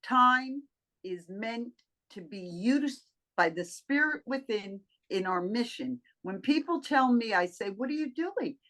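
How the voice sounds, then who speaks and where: A woman's voice: on the high side, expressive, slow, fairly bright tone. A woman co-hosting a casual coaching chat, talking in an emphatic, enthusiastic and playful way. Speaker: co-host.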